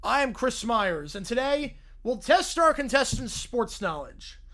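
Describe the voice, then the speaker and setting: A man's voice: very high-pitched, big pitch swings, unhurried, bright, forceful tone, exaggerated voice. A man reading a fan script aloud in the delivery of a male game-show host. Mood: announcing. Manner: announcer-style delivery.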